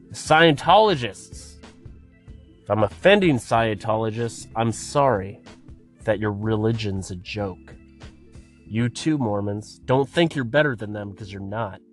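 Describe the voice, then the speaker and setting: Man ranting with lively, expressive pitch. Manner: exasperated, swears constantly. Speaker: podcast host. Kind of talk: profane comedic rant.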